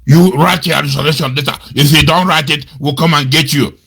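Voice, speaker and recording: A man with a husky voice, giving angry, scornful political commentary. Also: steady tone, a little fast. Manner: scornful, indignant, repeats insults, swings between loud outbursts and low mutters. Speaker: commentator on a web radio show. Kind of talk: angry political commentary, reading out and mocking quotes.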